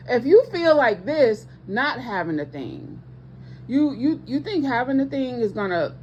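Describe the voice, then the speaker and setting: A woman's voice: sits high, very animated, a little slow, slight background noise. A woman preaching with passion to online viewers as a ministry host, emphatic and repeating her points, with speech patterns and casual asides.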